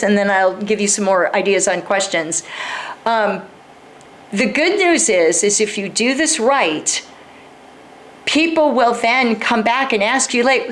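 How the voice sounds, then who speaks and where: A woman with a slightly high voice teaches a live group in an easy, conversational manner. She acts out sample exchanges and asks her listeners questions directly. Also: expressive, unhurried. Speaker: speaker teaching a class on persuasion. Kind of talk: instructional talk to a live group.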